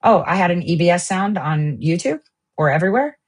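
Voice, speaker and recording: A woman with a low, husky voice hosts her own streamed show. She rants in a heated, profane way and jumps between topics. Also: animated, a little fast. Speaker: online show host. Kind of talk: angry political rant.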